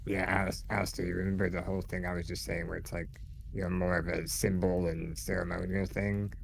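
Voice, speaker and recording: A man's voice: sits low, flat delivery, fairly quick, creaky, a little hiss or hum. A man playing a tabletop game, talking casually and hesitantly with playful asides. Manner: hesitant, filler-heavy, playful. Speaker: player.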